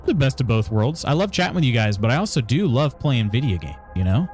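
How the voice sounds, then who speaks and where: A man's voice: mid-range voice, sing-song, fairly quick, a little mellow, faint music behind. A man live-streaming a video game, chatting casually with his viewers and chuckling often. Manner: chatty, reads chat aloud, frequent chuckles. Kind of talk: casual live-stream chat while gaming.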